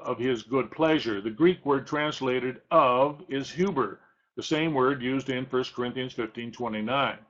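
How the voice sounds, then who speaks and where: A man's voice: medium pitch, a bit bright. Man preaching verse by verse, lo-fi. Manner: reads scripture aloud slowly, explains verse by verse. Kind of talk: sermon.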